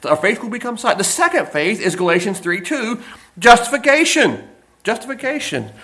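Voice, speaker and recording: High-voiced preacher, emphatic. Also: male voice, expressive, pushed and bright. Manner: emphatic preaching, slows and stresses key phrases; folksy asides and personal stories. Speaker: pastor. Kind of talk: sermon.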